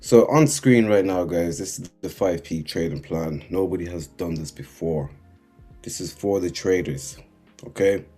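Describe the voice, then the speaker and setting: A man giving a live-streamed trading lesson, speaking slowly and repeatedly checking in with his viewers. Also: sits low, dark tone, faint music behind. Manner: unhurried, repeating "right?" and "guys" to the chat. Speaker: trading instructor.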